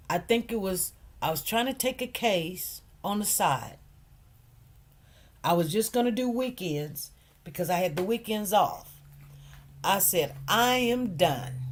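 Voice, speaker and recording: A woman talks slowly to her viewers, lingering on her words and repeating lines for emphasis. She speaks in in a casual storytelling style. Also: mid-range voice. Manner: emphatic, repeats phrases, addresses viewers as "you guys". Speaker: commentary channel host.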